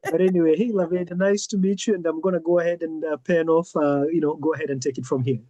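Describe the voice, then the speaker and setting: A man hosts over a video call with a slightly high, mellow voice. He is friendly and easygoing, restarts often, and sounds dry and close. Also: fairly even intonation, fast talker, no echo, dull audio. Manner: friendly, repeats phrases, many fillers. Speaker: segment host. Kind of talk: casual interview chat.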